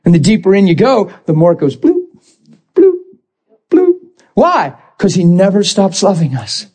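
A man preaching a sermon as a pastor, moving between calm talk and emotional shouting. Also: high voice, fairly quick, husky.

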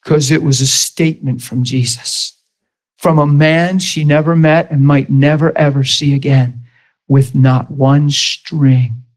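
A middle-aged man preaching in a fairly high voice. He tells a story with lively pacing and acts out the voices of the people in it. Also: a little slow, rough recording. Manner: storytelling, acts out dialogue with shifts in loudness. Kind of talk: sermon.

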